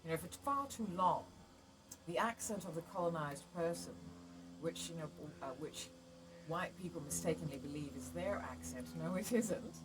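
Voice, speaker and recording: A woman's voice: fairly low pitch, expressive, moderate pace, background noise. A woman with a British accent, chatting casually and frankly as a podcast host, often laughing as she rambles. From England. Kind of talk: casual chat. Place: outdoors at home, laundry in the sun.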